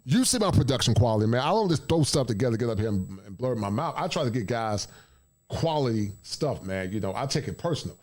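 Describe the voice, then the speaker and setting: A man's voice: medium pitch, very animated, fast talker, a little mellow. A man hosting his own channel's livestream, laid-back and casual, often tagging lines with "man". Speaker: YouTube channel host.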